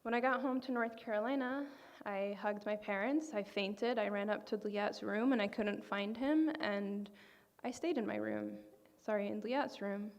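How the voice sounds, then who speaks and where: A woman's voice: mid-range voice, moderate pace. A woman giving an earnest, emphatic speech at a banquet. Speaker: banquet speaker. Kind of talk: public speech. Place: banquet hall. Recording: hall reverb.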